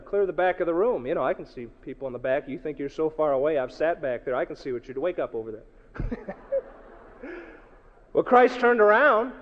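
A man preaching a sermon to a congregation, swinging from loud to hushed and acting out the people he quotes. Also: a little high. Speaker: pastor. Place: church hall. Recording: dull, echoey hall recording.

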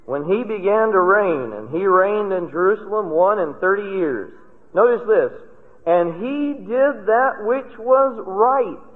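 An older man preaching a sermon, telling folksy personal stories and rising to emphatic stresses on key words. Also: high-pitched. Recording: tinny lo-fi recording in a reverberant hall.

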